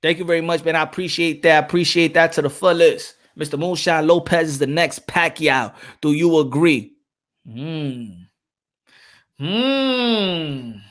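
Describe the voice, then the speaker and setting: A man hosting a boxing channel, talking casually and excitedly on a livestream, trash-talking and laughing. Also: fairly high pitch, measured pace.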